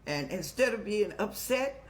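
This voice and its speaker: An older woman hosting a show, giving motherly, preachy advice in a folksy way and telling stories with lively rises in pitch. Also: unhurried, slight background noise. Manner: folksy, preachy, calls listeners child; animated storytelling with rising pitch. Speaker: host answering viewer questions.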